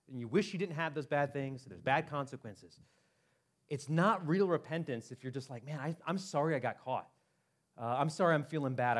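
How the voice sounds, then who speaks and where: A man preaching a sermon as pastor, animated and conversational, acting out quoted voices with frequent restarts. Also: mid-range voice.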